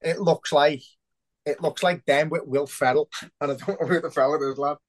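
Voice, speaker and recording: A man, co-hosting a football podcast, talking in a sweary, excitable, rambling way. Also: fairly high pitch, normal speed, rough recording. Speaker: podcast co-host. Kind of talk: casual football chat.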